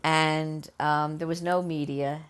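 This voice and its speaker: An older woman, recalling events in an oral history interview at her home, lively and acting out the voices she quotes. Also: low voice, takes it slowly, clean tone. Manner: animated, acts out quoted voices, many restarts. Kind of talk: conversational storytelling.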